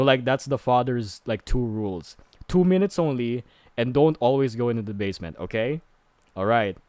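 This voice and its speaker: A man's voice: medium pitch, darkish tone, dry recording. A man streaming a casual movie recap, rambling with many fillers and growing exasperated.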